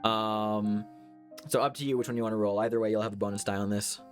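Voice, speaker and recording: A man's voice: lowish voice, steady tone, quick pace, soft background music. A man narrating as game master for a horror tabletop game, rambling with many fillers.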